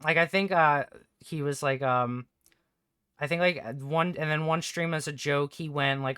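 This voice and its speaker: A man streaming from home, chatting casually in a rambling, halting way, swearing often. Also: a little high, fairly even intonation, bright, forceful tone, smooth, no echo, clean studio sound. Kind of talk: casual livestream chat.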